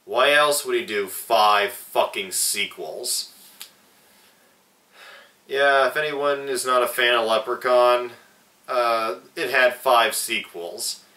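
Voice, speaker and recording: A young man talks through a movie review at a slow, unhurried pace. His profane, rambling delivery is full of restarts, and his voice is bright and forceful. The room's echo makes him sound set back from the mic. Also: medium pitch. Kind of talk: casual movie review vlog. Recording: echoey room, mic at a distance.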